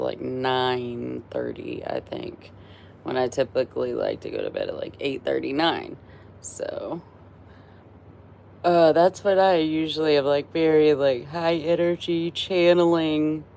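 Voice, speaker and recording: Tired woman in her 40s, live-stream host, slow and gravelly, rambling chat full of laughs. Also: low-pitched, a little mellow, a little hiss or hum. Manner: chatty, rambling, laughs often. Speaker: livestream host.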